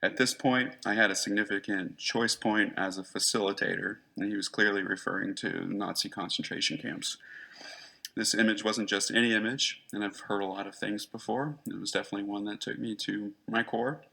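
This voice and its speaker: A man giving a conference talk, reading prepared case notes in an earnest, measured way. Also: lowish voice, fairly even intonation, vocal fry, bright, forceful tone. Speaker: conference presenter, therapist.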